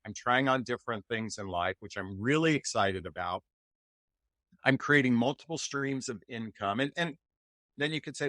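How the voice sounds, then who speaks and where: A man from the United States speaks as a podcast guest, animated and eager, acting out the replies he recommends. His voice sits at a middle pitch and is recorded dry, with no room sound. He talks like a coach giving advice. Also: fairly quick, dry recording. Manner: animated, enthusiastic, acts out example replies. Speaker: dating and relationship coach, guest. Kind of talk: podcast interview.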